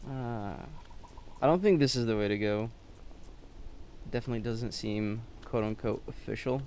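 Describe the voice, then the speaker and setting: Gravelly-voiced man commenting on gameplay. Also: mid-range voice, normal speed, a little mellow, slight background noise. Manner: chatty, reads in-game text aloud. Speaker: let's play host.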